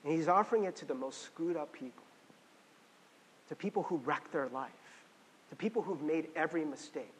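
Male pastor, conversational sermon, high voice, long church-hall reverb. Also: fairly quick, long pauses, a little hiss or hum. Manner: conversational, animated, many restarts and fillers.

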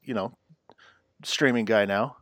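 A man's voice: lowish voice, unhurried, a bit bright, no echo. A man co-hosting a casual chat podcast, hesitant with many fillers and dry humor. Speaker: podcast co-host.

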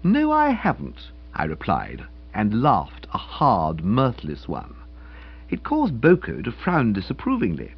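A man's voice: on the low side, wildly swooping pitch, measured pace, husky, highs cut off. A man narrating a comic novel with wry, mock-dignified storytelling. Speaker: audiobook narrator.

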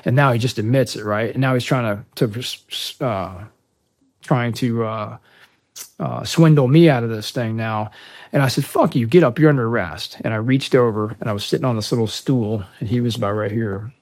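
Male podcast guest, mid-pitched, animated storyteller, swears often, acts out voices. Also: moderate pace, no room sound, clean studio sound. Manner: animated, profane, acts out the dialogue. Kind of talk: storytelling in a conversation.

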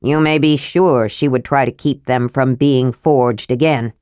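A woman's voice: a bass voice, steady tone, a little slow, darkish tone, clean tone, no room sound. Woman voicing a solemn male knight, grave and earnest, dry close sound.

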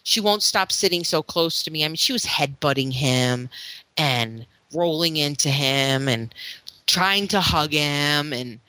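A woman's voice: low-pitched, animated, unhurried, bright, forceful tone, no echo. A middle-aged woman from Florida, co-hosting a podcast and telling a long family story in a rambling, casual way. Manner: rambling storytelling, acts out quoted voices. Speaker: podcast co-host. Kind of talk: casual chat.

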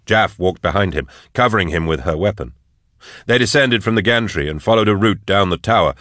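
A male narrator reads a novel in a steady, measured way. His voice is very deep, and the recording is close and dry, with no room sound. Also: no echo. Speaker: audiobook narrator. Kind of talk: scripted narration.

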